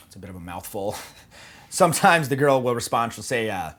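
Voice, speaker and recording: A man's voice: mid-range voice, animated, brisk, a bit bright. A man coaching on dating in a casual, joking manner, swearing freely and checking in with "okay" and "right?". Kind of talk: casual instructional talk.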